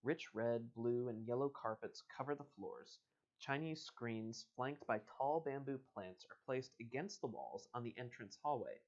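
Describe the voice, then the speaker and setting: Here the same kind of livestream host reads from an interactive adventure book, keeping things casual with chuckles and playful asides. He speaks at a measured pace in a mid-range voice with a darkish tone, captured on a lo-fi recording.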